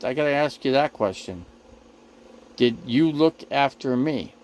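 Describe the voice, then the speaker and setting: A man streaming live from his RV, talking to his chat in a mid-pitched voice. He rambles, doubles back and repeats himself. He sounds defensive as he answers his viewers. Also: expressive, measured pace, slight background noise, rough recording. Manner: rambling, repetitive, defensive, addressing viewers directly. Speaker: RV living livestream host. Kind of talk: casual livestream talk to chat.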